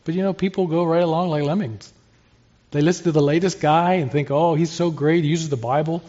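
This preacher's voice is a little high and dark-toned, steady and fairly quick. He gives an earnest, conversational expository sermon full of rhetorical questions he answers himself, captured in slightly dull lo-fi audio.

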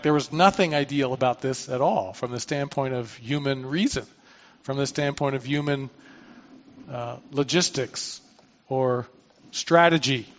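A man's voice: mid-range voice, lo-fi sound. A man preaching a sermon, reading scripture aloud and then explaining it in a conversational way with asides and restarts. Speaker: pastor.

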